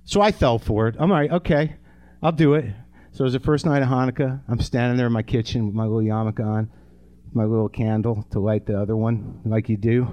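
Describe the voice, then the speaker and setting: A man's voice: on the low side, steady tone, fast, dark tone. Ranting, profane man doing stand-up. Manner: ranting, profane, self-deprecating; talks straight to the audience. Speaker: comedy show host. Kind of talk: stand-up monologue. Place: theater stage at a live show.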